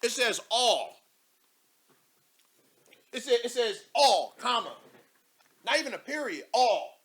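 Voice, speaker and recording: A young man hosting a live show, giving loud, mocking commentary as he reads posts aloud, laughing and repeating himself. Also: very high-pitched, very animated, slow pace, breathy edge.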